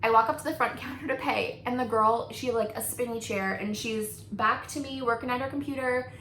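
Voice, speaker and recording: Doing her makeup, this thirty-something beauty vlogger talks in a casual, brisk way, her fairly bright voice sitting a little high. Frequent laughter, likes and ums pepper her speech, set against an echoey room and faint hiss.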